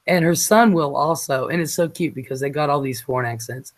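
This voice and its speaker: Chatty rambling male talk-show host. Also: a little high. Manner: rambling, chatty, halting with fillers. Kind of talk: late-night casual chat.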